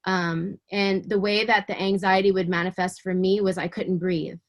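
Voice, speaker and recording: A woman being interviewed shares her personal faith testimony, fervent and earnest, often halting, repeating words and starting sentences over. Her voice sits at a medium pitch with a flat delivery.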